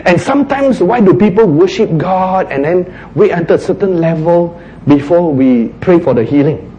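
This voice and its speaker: A man preaching a sermon, acting out quotes, sometimes shouting and then dropping to a hush. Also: sits high, normal speed, muffled recording, a little hiss or hum. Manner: animated, acts out quotes, shouts and drops to a hush.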